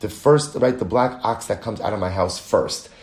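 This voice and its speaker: A man's voice: lowish voice, normal speed, roomy sound. A man teaching a Talmud study lesson, explaining the text step by step, reading Aramaic and Hebrew passages aloud and often restarting his sentences.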